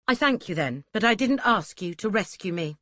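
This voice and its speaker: A woman's voice: mid-range voice, lively intonation, normal speed, pushed and bright, dry recording, studio quality. A woman doing a proud, sulky young lad. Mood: defiant. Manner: defiant, pleading.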